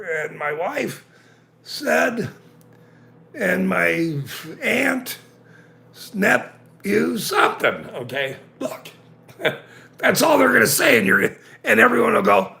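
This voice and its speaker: Talking to his livestream chat, this middle-aged man delivers a profane, sarcastic rant full of mockery. His voice is high, very gravelly and sharp-toned bright, with slow, deliberate pacing, broad pitch swings and a sing-song quality.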